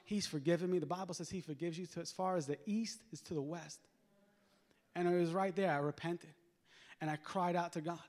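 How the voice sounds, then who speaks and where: A man's voice: fairly high pitch, a little mellow. A man preaching in a church, telling his own story in a conversational way and calling on the congregation to answer back. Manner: conversational storytelling with call-and-response exhortation. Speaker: guest preacher giving testimony. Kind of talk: sermon testimony. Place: church sanctuary. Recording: long reverb of a church hall.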